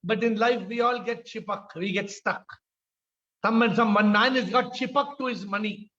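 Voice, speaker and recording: A man's voice: sits high, fairly even intonation, moderate pace, sharp tone. An older man with an Indian English accent giving an informal spiritual talk on a video call, acting out voices in his stories and often asking "huh?". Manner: storytelling, acts out quoted voices, frequent "huh?". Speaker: spiritual teacher. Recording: slightly dull video call audio.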